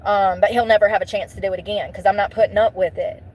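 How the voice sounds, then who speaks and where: A woman with a medium-pitched, darkish voice talks fast in a steady tone, recorded with poor audio. Venting emotionally to her viewers, she's blunt and profane, hammering the same phrases repeatedly for emphasis.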